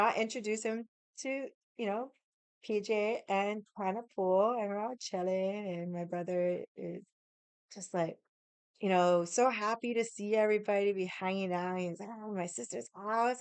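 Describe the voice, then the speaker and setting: A young woman tells a long story at home with a drink in hand, wandering off topic and cursing freely. Her voice is smooth and clear. It is recorded close and dry. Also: medium pitch, darkish tone, no echo. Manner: swears freely, drifts into tangents; drinking while chatting. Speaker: vlogger. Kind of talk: casual storytelling.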